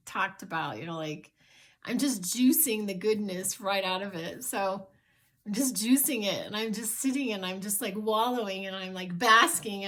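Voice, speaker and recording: A woman chatting to her camera in a bright, slightly high voice. She rambles with lots of fillers and restarts and sounds excited and grateful, often breaking into laughs. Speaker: vlogger. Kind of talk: casual chat to camera.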